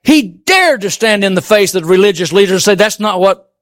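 Male preacher, high voice, emphatic sermon delivery, rhetorical questions to the pews, big swings from loud highs to hushed lows. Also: sing-song, fast. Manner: emphatic, swinging from high exclaims to low murmurs.

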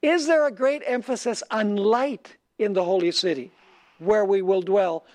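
High-voiced preacher quizzing his congregation. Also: a little mellow. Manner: asks the audience questions and pauses for them to answer; reads scripture slowly. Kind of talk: sermon.

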